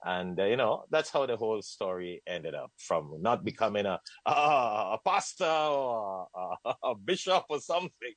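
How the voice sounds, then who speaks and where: A man from Trinidad whose accent blends Trinidadian, British and American, telling his life story as a guest in an animated way, often laughing and repeating phrases. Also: on the low side, moderate pace, hardly any pauses, no echo, low-quality recording. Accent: Trinidadian mixed with British and American. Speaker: guest, Muslim scholar. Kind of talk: conversational storytelling.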